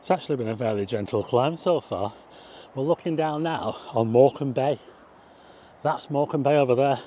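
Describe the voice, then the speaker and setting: A man's voice: mid-range voice, fairly quick, mellow, slight background noise. An older man chatting to viewers as he drives and climbs a hill, exclaiming and getting out of breath. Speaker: walking vlogger. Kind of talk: casual vlog narration. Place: outdoors, driving then hillside walk.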